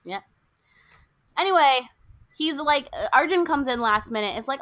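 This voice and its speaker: A woman's voice: on the high side, moderate pace, pauses often, pushed and bright. A young woman co-hosting a podcast, casually retelling a film's plot and acting out the characters' lines. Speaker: podcast co-host. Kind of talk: casual chat recapping a film.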